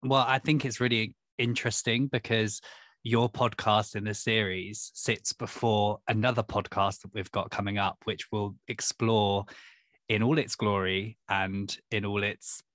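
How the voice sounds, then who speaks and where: A man's voice: lowish voice, level tone, measured pace, a bit bright, dry recording. A man hosting a podcast interview, conversational and agreeable with a teasing edge. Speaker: podcast host, editor.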